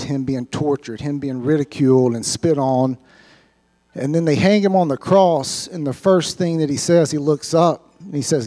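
Man, church testimony, earnest and heartfelt, slightly high voice, mellow tone. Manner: earnest, heartfelt, repeats words when moved. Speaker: church member giving testimony. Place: church sanctuary.

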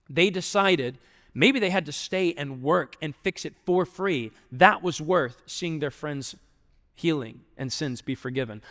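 A young adult male pastor giving an earnest, conversational sermon that drops quiet for emphasis. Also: a little high. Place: large church auditorium. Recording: long hall reverb.

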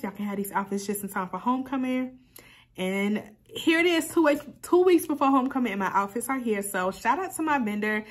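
A young woman vlogging in a chatty, excitable way as she talks about her clothing brand. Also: mid-range voice. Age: young adult. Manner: chatty and excitable, says "y'all". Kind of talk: casual vlog talk to camera.

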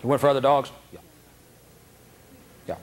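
A man's voice: mid-range voice, expressive, normal speed. A man teaching a dog training seminar, telling stories with frequent laughs and acting out the dogs and handlers. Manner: anecdotal, laughs often, acts out dogs and handlers. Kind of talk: seminar lecture.

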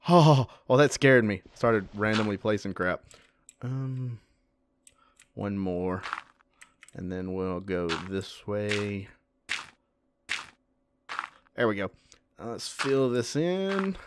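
A man's voice: lowish voice, lively intonation, takes it slowly, long pauses, background noise. A man giving casual, chatty commentary while playing a video game, often yelping when startled. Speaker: let's play gamer.

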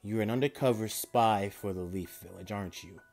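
A man voicing a confident young male ninja hero in a fan-made story, speaking low, slow and cocky. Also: vocal fry, a little mellow, faint music behind.

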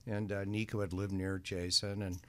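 A man guesting on a talk show as the band's lyricist, speaking calmly with small pauses. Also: low voice. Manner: calm, measured, with fillers. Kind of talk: casual interview.

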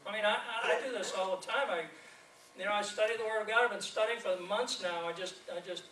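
A man's voice: high voice, fast, a little hiss or hum. Evangelist guy preaching in church, kinda far from the mic, echoey room, tells stories and laughs. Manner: storytelling preacher, lively and laughing. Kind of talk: sermon. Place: church sanctuary.

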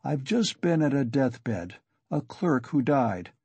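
Weak feverish young man read by a man, husky, animated pitch, dry sound. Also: takes it slowly, no room sound, dull audio, full character voice. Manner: strained and fretful. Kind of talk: audiobook character reading.

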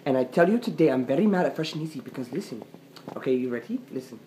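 A woman's voice: rumbling low, expressive, fast talker, dark tone, a little hiss or hum. A woman ranting angrily to the camera as an upset customer, repeating herself and demanding "okay?" over and over. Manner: angry, repetitive, keeps demanding "okay?". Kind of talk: angry rant to camera.

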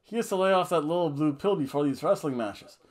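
A man's voice: on the high side, lively intonation, a little fast. A man giving a casual, rambling, jokey wrestling review full of fillers and restarts.

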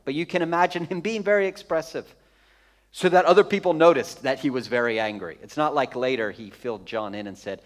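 A man's voice: fairly high pitch, lively intonation, a little fast. A man preaching a sermon as pastor, conversational and emphatic, repeating phrases for effect with touches of humor.

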